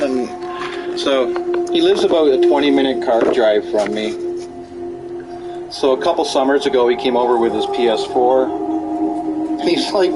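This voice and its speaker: Over game music, a man streams a game in a medium-pitched voice at a moderate pace, the audio poor. He chats casually, rambling, storytelling, and swearing freely.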